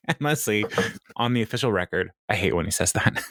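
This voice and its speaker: Man, podcast co-host, opinionated episode recapper, lowish voice, dry close sound. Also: gravelly, dry recording. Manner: opinionated, animated recapping with quick asides. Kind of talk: casual chat.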